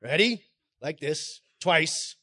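A man giving a playful live talk on stage, coaxing his audience through pirate-voice warm-ups. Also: on the high side, animated, slow. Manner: hammy pirate-voice delivery, coaxing the crowd. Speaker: conference speaker.

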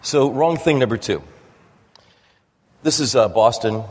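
A man's voice: mid-range voice, measured pace, darkish tone, husky. A man from New Jersey telling stories in a talk to an audience, rambling with frequent restarts and fillers. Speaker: speaker giving a talk. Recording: long reverb of a hall.

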